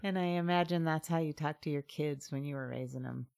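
A woman's voice: sits low, fairly quick, creaky, darkish tone. A woman from Southeast Alaska, co-hosting a casual chat podcast, talking chattily and laughing often. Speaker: podcast co-host.

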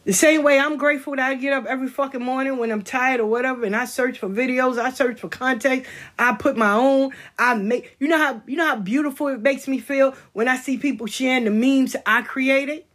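A woman's voice: high voice, steady tone, fairly quick, fairly bright tone. A woman giving a blunt, profane monologue as a spiritual content creator, telling stories and preaching about honesty. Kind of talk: casual livestream monologue.

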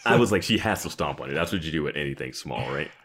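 A man's voice: extremely low pitch, lively intonation, fast talker, a bit bright, slightly rough. A man co-hosting a podcast, casually reacting to a TV episode with amused, rambling commentary. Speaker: podcast co-host.

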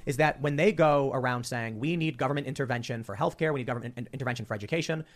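A man from Chicago hosting a podcast, talking in a rapid, emphatic way and repeating words as he presses his points. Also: medium pitch. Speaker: podcast host. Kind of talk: casual chat.

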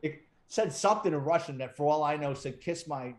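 A man's voice: on the high side, a little fast. Profane wisecracking middle-aged man. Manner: profane, wisecracking storyteller who acts out quotes. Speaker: retired police detective, guest. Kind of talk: casual storytelling interview.

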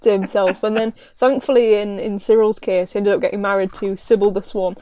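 Fast-talking, chatty woman on a podcast. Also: medium pitch, fairly even intonation, mellow. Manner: chatty, rambling anecdotes. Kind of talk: casual podcast chat.

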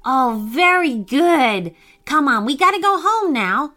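Woman doing a brisk, caring big sister. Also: high-pitched, big pitch swings, sharp tone, faint music behind, voice pushed up, heavily acted. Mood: coaxing. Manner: reassuring, brisk and take-charge. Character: confident caring big sister who paints visions. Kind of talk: storybook character voice.

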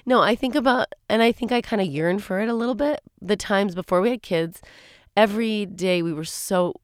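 A woman's voice: medium pitch, brisk, no room sound, clean studio sound. A woman in her forties co-hosting a podcast, chatting in a rambling way that often breaks off mid-thought, recorded alone in a small closet at home. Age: 40s. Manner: rambling, chatty, self-interrupting. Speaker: podcast co-host. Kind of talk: casual solo chat.

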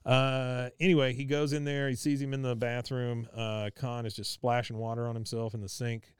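A man's voice: medium pitch, level tone, moderate pace, smooth, no echo, studio quality. A man hosting a podcast, casually retelling cartoon scenes with lots of uhs and chuckles. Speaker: podcast host. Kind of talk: casual episode recap.

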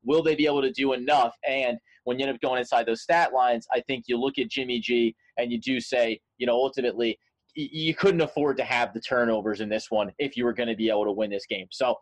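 A man's voice: mid-range voice, steady tone, fast talker, no echo. Guy rambling and joking on a sports podcast, dry close sound. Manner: rambling, jokey, many restarts. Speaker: podcast co-host. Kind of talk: casual sports chat.

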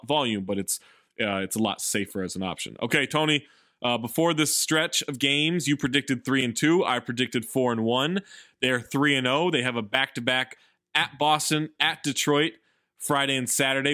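A man co-hosting a sports podcast in casual chat, animated and getting loud when excited. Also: medium pitch, dry recording, clean studio sound. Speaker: podcast co-host.

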